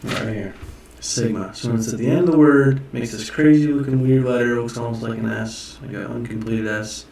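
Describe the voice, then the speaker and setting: A man casually teaching himself and viewers Greek letters, rambling, correcting himself and sounding words out slowly. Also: mid-range voice, steady tone, vocal fry, darkish tone. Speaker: self-taught Greek learner teaching viewers. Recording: echoey room, mic far off, faint noise.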